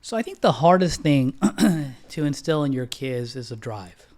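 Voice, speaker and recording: Animated middle-aged man telling stories. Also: a little slow. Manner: animated storyteller, acts out quotes with sudden high-pitched outbursts; frequent throat clearing. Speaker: bank founder and CEO, podcast guest. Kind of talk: casual storytelling interview.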